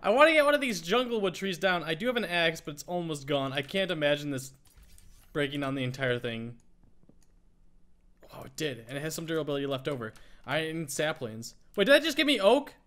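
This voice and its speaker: A man hosting a casual Minecraft let's play, chatting excitedly as he plays and talking to the animals he finds. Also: a little high, a little fast. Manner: excitable, talks to in-game animals. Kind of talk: casual gameplay commentary.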